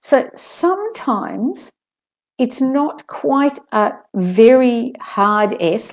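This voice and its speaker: A woman teaching pronunciation in an online lesson, calmly drilling word pairs and sentences. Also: fairly high pitch. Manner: slow, careful drills with clear word pairs.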